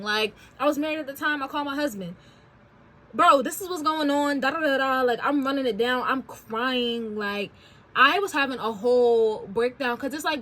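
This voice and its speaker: A woman in her twenties hosts a talk show as a podcast host, sharing a personal story in a casual, chatty and candid way with slangy asides. Her voice sits high, a bit bright, at a moderate pace.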